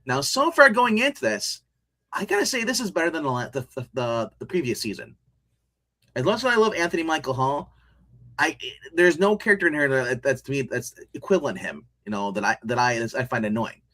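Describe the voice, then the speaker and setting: Rambling, animated man reviewing a show. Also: fairly high pitch, a little fast. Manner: rambling and animated, many restarts and laughs, retells scenes. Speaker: podcast co-host reviewing a TV show. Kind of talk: casual review chat.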